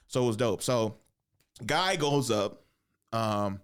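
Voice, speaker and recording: Young adult man, comedian-host, casual storyteller, mid pitch, animated and profane. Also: slow, smooth. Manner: animated storyteller, swears a lot, acts out voices. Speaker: podcast host and stand-up comedian.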